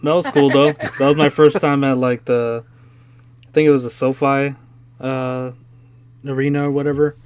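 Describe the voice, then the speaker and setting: A man co-hosting a podcast in relaxed casual chat, chuckling along with the others. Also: medium pitch. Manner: slow, easygoing, chuckles along. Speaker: podcast co-host.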